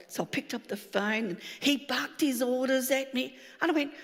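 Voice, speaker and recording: A woman, a pastor telling a lively personal story in a sermon, acting out the dialogue. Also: on the high side, normal speed, big-room sound. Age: 60s.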